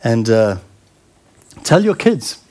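A middle-aged man preaching a sermon in an earnest, heartfelt way, often pausing and repeating words. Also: mid-range voice, big pitch swings, darkish tone.

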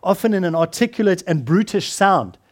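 A man's voice: high voice, expressive, brisk. A man preaching a sermon in an earnest way, often repeating words and restarting phrases.

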